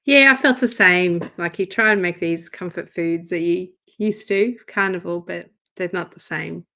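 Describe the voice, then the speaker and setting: Easygoing older woman, low voice. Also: moderate pace. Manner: easygoing, short replies, soft chuckles. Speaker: co-host of a livestream show. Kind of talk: casual livestream chat.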